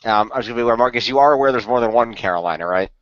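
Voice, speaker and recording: A man joking around in a casual podcast chat, throwing in quick comebacks. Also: mid-range voice, highs cut off. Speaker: podcast co-host.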